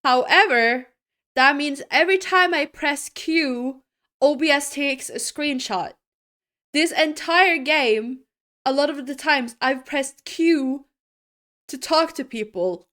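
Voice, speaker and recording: Chatty lady streamer, high voice, slow easy pace, rambly and giggly. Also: pushed and bright. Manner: chatty, talks to chat, rambling asides, giggly. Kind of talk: casual live-stream gameplay chat.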